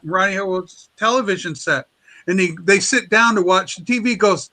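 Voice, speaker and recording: A man hosting a casual chat show, telling lively anecdotes and acting out the quotes. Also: high-pitched, brisk, low-quality recording. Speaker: show host. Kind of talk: casual chat, animated storytelling.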